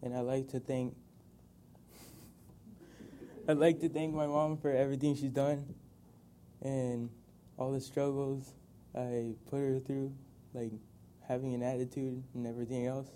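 A man's voice: mid-range voice, flat delivery, unhurried, mellow, a little hiss or hum. A young man giving a hesitant thank-you to his mother in front of a group. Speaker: son giving a tribute. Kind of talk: informal public speech.

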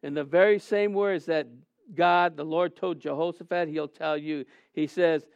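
A middle-aged man preaching a sermon as a pastor, earnest, swinging between soft and loud with frequent restarts. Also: on the high side, a little slow, clean tone, no echo.

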